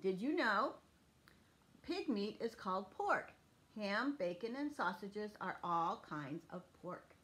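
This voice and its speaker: A woman preschool teacher reading a picture book aloud to children in a clear, sing-song teaching voice. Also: medium pitch, animated, takes it slowly, fairly bright tone.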